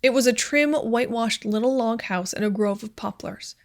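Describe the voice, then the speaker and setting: A woman narrating a classic short story as an audiobook reader, in a measured, clear storytelling manner. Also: fairly high pitch. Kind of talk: scripted narration.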